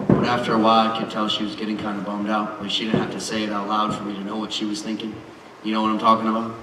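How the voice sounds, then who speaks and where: A man giving a motivational speech on stage, telling a funny family story in an animated, joking way with an audience present. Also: on the low side, racing, a little hiss or hum. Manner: animated, joking, acts out voices. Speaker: motivational speaker. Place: large hall with live audience. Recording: roomy hall from far off, with audience.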